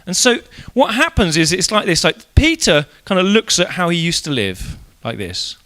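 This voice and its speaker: A man's voice: sits high, normal speed. A man preaching an evening church sermon in a casual, conversational way, telling the story animatedly. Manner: animated storytelling, acting out quoted voices.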